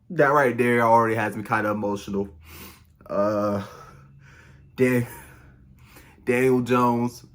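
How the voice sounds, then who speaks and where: A young man hosting a fan channel, giving an emotional, excited postgame reaction rant with lots of repetition. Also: medium pitch. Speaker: sports fan channel host.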